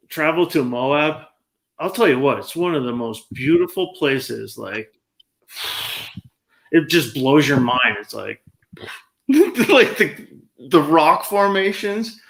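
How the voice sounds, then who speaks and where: A man with a slightly higher voice talks casually on a live stream. He rambles through stories with a sarcastic, animated streak. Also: creaky.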